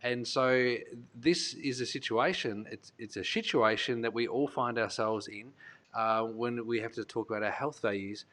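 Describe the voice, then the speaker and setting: A man hosts a podcast interview. He speaks earnestly and reflectively at a middle pitch. Now and then he restarts his sentences. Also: normal speed, a bit bright. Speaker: podcast host.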